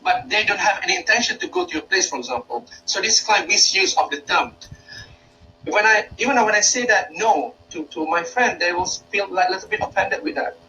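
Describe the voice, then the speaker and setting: A man's voice: high voice, brisk, bright, forceful tone, far from the mic, a little hiss or hum, rough recording. A Malaysian man, a university lecturer, giving an informal workshop talk in a hesitant way, with many fillers and restarts.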